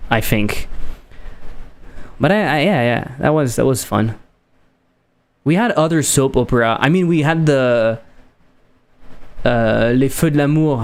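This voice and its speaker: A man from France with a French accent, talking with his chat in a rambling, animated way. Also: mid-range voice. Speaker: game developer streamer. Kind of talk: casual live-stream chat.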